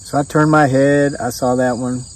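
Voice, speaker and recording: A middle-aged man spins a long, rambling story to his vlog audience, stopping and restarting as he goes. His pitch sits right in the middle for a man. He sounds set back a little from the mic. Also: normal speed, no echo, distant mic, poor audio. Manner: rambling, animated retelling with restarts and quoted dialogue. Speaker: homesteading vlogger. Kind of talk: casual storytelling monologue.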